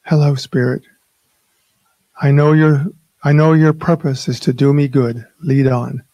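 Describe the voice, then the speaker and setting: A man's voice: mid-range voice, level tone, a little slow, mellow, no echo, rough recording. A grumpy old miser, as an older man reads him. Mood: calm.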